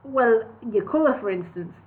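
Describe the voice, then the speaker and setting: A woman's voice: a little high, expressive, moderate pace, lightly acted. A woman voicing a polite, hesitant small male hero in a storybook reading. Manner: hesitant, civil, stumbling. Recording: tinny phone-like sound.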